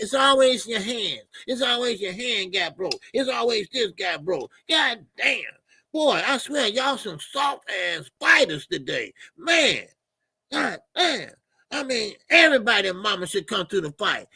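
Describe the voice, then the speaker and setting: A high, bright-voiced man rants about fighters with a gravelly, husky rasp. His delivery is profane and loud, and it is recorded dry and close. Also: measured pace, no echo. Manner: profane trash talk, animated and loud. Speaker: boxing fan caller on a live show. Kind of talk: heated boxing talk.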